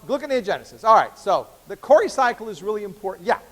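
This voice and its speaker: A man's voice: sits high, very animated, quick pace. A man giving a university biochemistry lecture in a conversational way, with fillers and restarts. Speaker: biochemistry professor. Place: lecture hall. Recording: echoey lecture hall.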